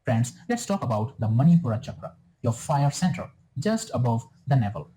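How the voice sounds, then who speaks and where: A male wellness guide speaking in a very dark, mellow tone at a middle pitch. He talks slowly and soothingly, reading step-by-step advice like a scripted meditation. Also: rough recording. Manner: calm, soothing, instructive. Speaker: wellness guru in a clip. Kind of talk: scripted spiritual self-help narration.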